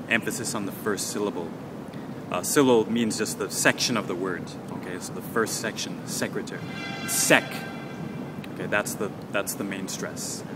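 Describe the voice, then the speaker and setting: Patient low-voiced man teaching pronunciation. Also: heavy background noise. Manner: patient, repeats words slowly for learners. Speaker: English teacher and podcast host. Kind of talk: English pronunciation lesson.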